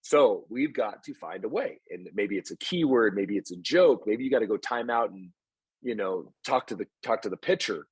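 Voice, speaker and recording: A man's voice: fairly low pitch, moderate pace, breathy edge, no room sound. A man who coaches baseball and hosts a podcast, telling stories in casual chat and acting out what people said. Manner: animated storyteller, acts out quoted lines.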